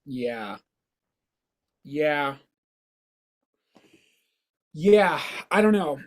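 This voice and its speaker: A man with a hoarse voice, co-hosting a podcast and giving his opinions on baseball in casual chat, rambling and restarting his sentences. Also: on the high side, animated, extremely slow. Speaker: podcast co-host.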